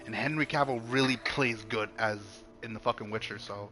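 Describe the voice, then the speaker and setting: A man's voice: mid-range voice, brisk. A young man streaming a game, chatting casually in a rambling, profane way, full of stop-start restarts.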